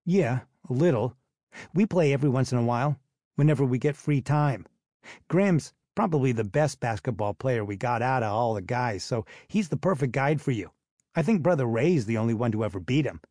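A man's voice: medium pitch, lively intonation, brisk, a little mellow, no room sound, clean studio sound, close to an everyday voice. A man voicing a friendly, easygoing teenage boy.

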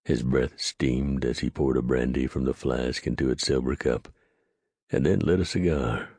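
A man narrating an audiobook in a steady, measured storytelling voice. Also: very deep voice, husky, dry recording, clean studio sound. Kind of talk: scripted narration.

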